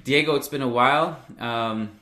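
An upbeat man hosts a podcast and reads an ad with a joking tone. His voice sits at a middle pitch, and the room gives it a noticeable echo. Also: normal speed, sharp tone. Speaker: podcast host. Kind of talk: casual podcast chat and ad read.

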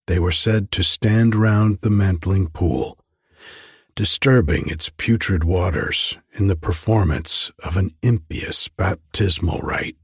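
A man reads a classic tale in measured, deliberate narration. His voice is low and heavily husky, and his pace is unhurried. The recording is dry and close, with no room sound. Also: no echo. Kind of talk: scripted audiobook narration.

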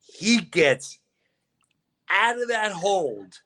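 Podcast host, man, slightly high voice, lively storyteller. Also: very slow. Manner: animated, acts out voices in his stories. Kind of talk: casual storytelling chat.

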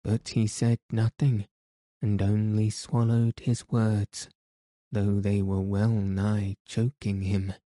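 Male audiobook narrator, low and even, deliberate reading, dry close sound. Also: dry recording. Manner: measured, deliberate storytelling.

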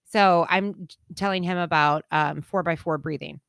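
A woman telling a story in casual chat, animated, swearing freely and acting out the voices. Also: deep voice, normal speed, creaky, dry recording, clean studio sound. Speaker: storyteller in a conversation.

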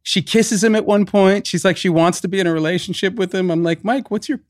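A middle-aged man as a podcast guest, telling stories in an animated way, swearing casually, with frequent restarts. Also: high voice, fast, no room sound, clean studio sound. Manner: animated storyteller, swears, acts out quotes.

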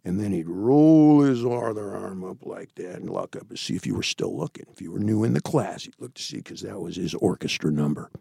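Gravelly man in his sixties telling stories. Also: sits low, a little fast, few pauses, no room sound, studio quality. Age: 60s. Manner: animated raconteur, swings between loud and hushed; blunt, swears freely. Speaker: interview guest. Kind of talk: candid storytelling interview.

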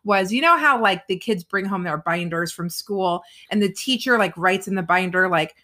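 A bright, forward-voiced woman in her thirties co-hosting a relaxed conversation. She talks in loose, meandering sentences full of "like" and restarts, at a middling pitch. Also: normal speed. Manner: chatty, rambling, lots of "like" fillers. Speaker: podcast co-host. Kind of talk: casual chat.

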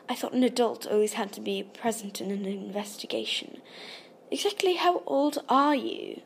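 A woman's voice: fairly high pitch, expressive, normal speed, vocal fry, slight background noise. Woman voicing an anxious, proper young woman. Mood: uneasy. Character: anxious, uneasy adult woman, polite and formal. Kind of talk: audiobook character voice.

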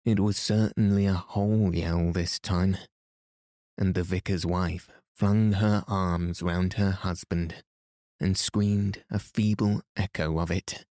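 A man with a low, deep voice reads a bedtime story aloud. He goes very slowly and stays calm and unhurried, barely rising or falling. The sound is close and dry. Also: dry recording. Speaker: bedtime story podcast host. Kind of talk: slow soothing bedtime reading.

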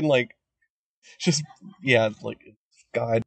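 A man's voice: a little high, normal speed, no room sound. A man co-hosting a podcast in casual chat, rambling with many fillers, swearing and laughing. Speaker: podcast co-host.

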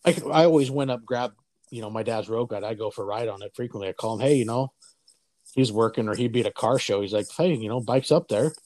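A man in his forties with a mid-range voice, talking off the cuff as a podcast host. He swears freely and slips into animated voices when he quotes other people. The sound is dry and close, with little room echo. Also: medium pitch, fast. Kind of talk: casual storytelling chat.

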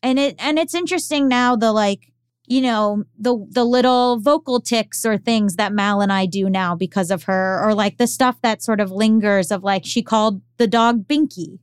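A woman's voice: mid-range voice, normal speed, clean tone, no echo, clean studio sound. A woman co-hosting a podcast, talking candidly and rambling with lots of fillers. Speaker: podcast co-host. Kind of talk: casual podcast chat.

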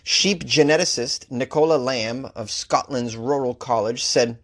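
A man's voice: mid-range voice, unhurried, hardly any pauses, a bit bright. A man who hosts a comedy news podcast, reading odd stories and ranting about them with sarcastic mock outrage. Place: Los Angeles.

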